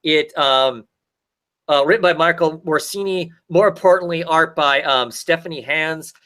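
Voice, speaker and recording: A man talks through a comic story in a loose, rambling way. His voice sits a little high and sounds bright and forward. He keeps restarting his sentences and filling gaps with ums and you-knows. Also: measured pace. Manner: rambling recap with many fillers and restarts. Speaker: podcast co-host. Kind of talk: casual chat.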